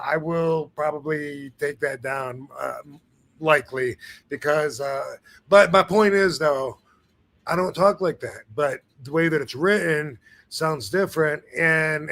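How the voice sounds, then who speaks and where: Chill guy hosting a live stream, bright voice, kinda high, lots of ums and restarts. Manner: laid-back, rambling with many fillers and restarts. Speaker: show host. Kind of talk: casual live-stream chat.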